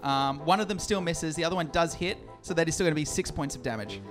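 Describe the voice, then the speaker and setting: Man running a tabletop game. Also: on the high side. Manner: brisk, rule-checking narration with laughs. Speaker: dungeon master. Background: music.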